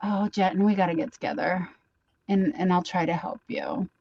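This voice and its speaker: A woman with a fairly low, gravelly voice hosts a late-night livestream at a moderate pace. She chats casually and rambles while reading viewers' comments aloud, and the sound is lo-fi.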